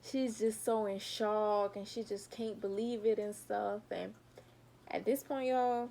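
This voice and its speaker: A woman's voice: mid-range voice, steady tone, measured pace, gravelly, dark tone, slight background noise. A young adult woman vlogging a casual storytime, talking straight to her viewers and animatedly retelling what happened.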